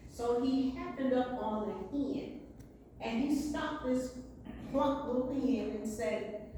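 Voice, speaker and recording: An American woman tells a folk tale in a playful, drawn-out voice that sits high. She speaks slowly and lingers on her words. She sounds far from the mic in a big, reverberant hall. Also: a little hiss or hum. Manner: lively, playful, drawn-out delivery. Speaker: storyteller. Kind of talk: live folk-tale storytelling.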